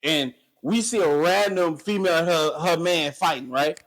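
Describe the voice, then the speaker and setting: A man talking in an animated, heated way during a casual podcast chat. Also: on the high side, moderate pace. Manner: animated, heated when arguing.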